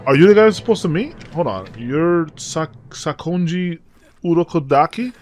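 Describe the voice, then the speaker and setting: A man hosting a casual anime reaction, excitable and slangy, exclaiming at the screen. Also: a little high, normal speed, faint music behind. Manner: slangy, says dude and bro a lot. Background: anime audio playing faintly.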